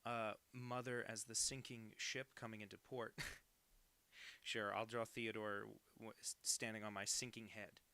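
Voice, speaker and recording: A man's voice: mid-range voice, pushed and bright, dry recording. A young man streaming himself drawing, joking around and reading out chat messages on a home mic setup. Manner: jokey, reads chat messages aloud. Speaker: cartoonist streaming live. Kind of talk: casual livestream chat while drawing. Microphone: home setup, no professional mic.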